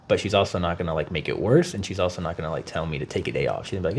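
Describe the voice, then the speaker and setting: A man co-hosting a podcast, chatting casually, swearing freely and acting out quotes in an animated way. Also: sits low, very fast, slight background noise. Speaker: podcast co-host.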